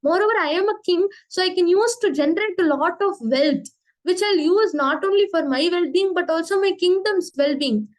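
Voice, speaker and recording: A woman's voice: very high-pitched, poor audio. A woman voicing a proud, demanding male king who insists and pushes. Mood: pleading. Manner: insistent, pushy, rushed.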